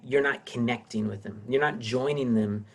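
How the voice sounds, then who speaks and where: A man's voice: medium pitch, normal speed, slightly rough. A middle-aged man teaching a casual class over a video call, rambling with many restarts. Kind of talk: casual online class lecture.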